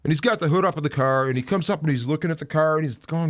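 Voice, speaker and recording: A man's voice: fairly high pitch, very fast, no echo. Rambling male host in a dry studio. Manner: rambling storytelling with frequent restarts and fillers. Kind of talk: casual livestream rant about football. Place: small sound-softened studio.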